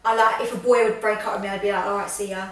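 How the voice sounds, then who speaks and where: A woman's voice: medium pitch, steady tone, racing, a bit bright. A young woman, a guest on a podcast, who chats in an easygoing, laid-back way. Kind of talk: casual chat. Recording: echoey room, mic at a distance.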